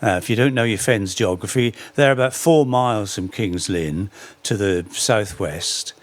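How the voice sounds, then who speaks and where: A man's voice: fairly low pitch, a little slow. A middle-aged man giving an anecdotal talk on folk history, with dry humour and frequent self-corrections. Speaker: speaker giving a public talk.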